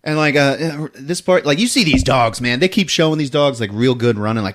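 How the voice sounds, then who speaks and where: A man hosting a podcast, casually recapping a film scene by scene, laughing often and acting out the characters' lines in squeaky voices. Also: a little fast, hardly any pauses, fairly bright tone. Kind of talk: casual movie recap chat.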